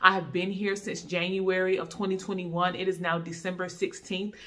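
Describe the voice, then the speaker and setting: A young woman from North Carolina with a Southern lilt chats to camera in a relaxed sit-down vlog. Her voice sits a little low but rings bright and clear. She talks in a friendly, easygoing way, calling her viewers y'all. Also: normal speed. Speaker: YouTuber, travel x-ray tech. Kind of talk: casual sit-down talk to camera.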